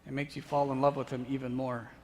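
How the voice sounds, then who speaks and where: A man preaching a sermon as pastor, slow and deliberate, rising to emphatic peaks and sinking to hushed tones. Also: mid-range voice, level tone, a little hiss or hum. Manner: slow, building to emphatic then dropping to hushed. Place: church sanctuary. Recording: long church reverb.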